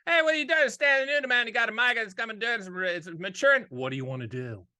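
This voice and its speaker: A man voicing his rambling old uncle, whose loud calls are hard to make out. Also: extremely high pitch, animated, fast talker, no room sound, voice pushed up, heavily acted.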